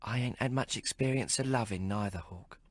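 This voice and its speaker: A man voicing a coarse, affectionate young working-class woman with rough, teasing speech in a storybook reading. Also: fairly low pitch, moderate pace, no echo, clean studio sound, close to an everyday voice. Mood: intimate.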